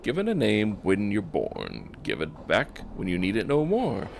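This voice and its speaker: A man's voice: lowish voice, huge pitch swings, a little slow, gravelly, slight background noise, full character voice. A man doing a sing-song, chanting dustman. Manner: clipped, chanting phrases. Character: eerie male dustman who tolls names like a bell.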